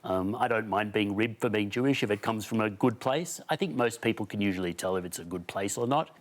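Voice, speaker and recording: Earnest man with a low voice. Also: a little fast. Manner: earnest, reflective, many ums and restarts. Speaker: studio guest. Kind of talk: studio panel discussion. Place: television studio.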